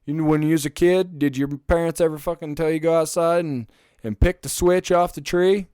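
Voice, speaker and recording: A young man hosting a podcast alone, rambling in casual chat, swearing often and getting loud and heated when he rants. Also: fairly high pitch, steady tone, fairly quick, clear, resonant tone, dry recording, clean studio sound. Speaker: podcast host.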